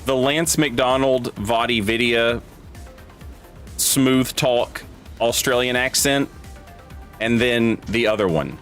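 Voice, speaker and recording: A man's voice: medium pitch, slow, long pauses, fairly bright tone, soft background music. A man streaming a video game, rambling casually, joking and swearing freely. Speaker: gaming streamer. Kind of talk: casual gaming commentary.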